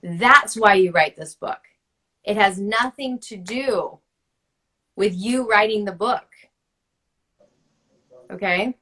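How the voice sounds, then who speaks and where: Slow and prone to long pauses, this woman in her thirties has a sharp, medium-pitched voice. As host and book-writing coach, she guides a guest through a spiritual coaching talk on video, passionately and with frequent "like"s.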